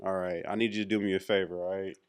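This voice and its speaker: A man's voice: sits low, level tone, very fast, clean tone. A man co-hosting a podcast, chatting casually and playfully steering the talk. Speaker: podcast co-host. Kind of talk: casual chat.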